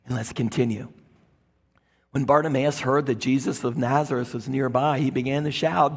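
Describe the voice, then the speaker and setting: Man, pastor, sermon, dramatic delivery, breathy voice, long reverb. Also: medium pitch, fairly even intonation, moderate pace. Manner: dramatic, cries out quoted lines loudly.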